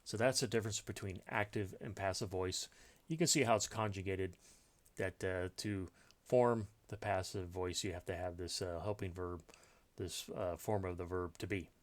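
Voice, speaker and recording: Low-voiced man teaching grammar. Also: fairly even intonation, normal speed. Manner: unscripted, thinking aloud with many fillers and restarts. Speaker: writing teacher. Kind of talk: explaining grammar in a recorded lesson.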